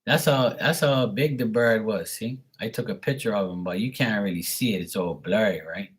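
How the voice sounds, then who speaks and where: A man's voice: lowish voice, moderate pace, slightly rough. A man, hosting a live tarot stream, telling a rambling, profane story and answering his viewers. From Bermuda. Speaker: tarot reader livestream host. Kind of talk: casual livestream chat.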